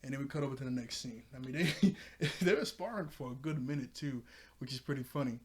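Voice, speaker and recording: A man's voice: medium pitch, fast, husky. A man casually recapping a cartoon episode, rambling with lots of fillers and frequent laughter. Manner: rambling, laughs often, paraphrases characters loosely. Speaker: show reviewer.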